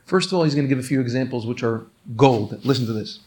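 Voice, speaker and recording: A man teaching a religious law class who reads quoted texts in quick bursts, then explains them slowly and earnestly, often urging listeners to pay attention. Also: mid-range voice, a little mellow, a little hiss or hum. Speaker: Torah teacher.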